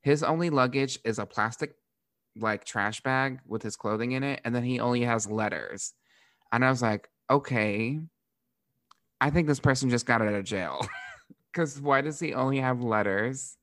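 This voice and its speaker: A young man from Florida, a podcast host, tells stories with lots of energy, swears often and laughs a lot. His voice sits at an ordinary middle pitch. It sounds close and dry, with no room around it. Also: moderate pace, no echo. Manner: animated, profane, laughs often. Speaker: podcast host, drag performer. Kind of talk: casual storytelling.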